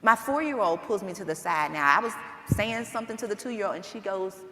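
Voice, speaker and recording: A woman's voice: medium pitch, fairly quick, pushed and bright. A woman speaking on a conference panel, candid and earnest, acting out bits of family dialogue. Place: conference hall. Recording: echoey hall, faint noise.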